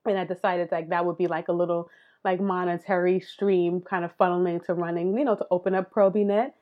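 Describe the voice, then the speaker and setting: A woman's voice: on the low side, level tone, a little fast, phone-quality sound. A woman guest in a casual interview, chatting about her knitting business with frequent laughs and fillers. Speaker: guest, knitwear maker.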